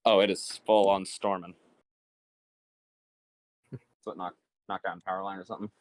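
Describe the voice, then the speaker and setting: A man's voice: low voice, little pitch movement, moderate pace, dry recording. A man chatting casually with his gaming group about a power cut. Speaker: player. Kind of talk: casual chat.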